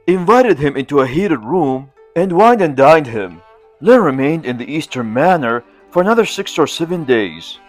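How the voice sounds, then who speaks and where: A man narrating a classic novel as an audiobook, in measured storytelling. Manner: measured storytelling, lively in pitch.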